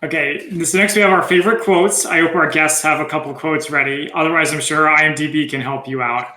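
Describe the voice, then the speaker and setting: Higher-voiced male host in a roomy space. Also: fairly even intonation, a little fast, sharp tone. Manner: runs the segments, apologetic asides. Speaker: podcast co-host. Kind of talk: casual podcast chat. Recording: roomy echo.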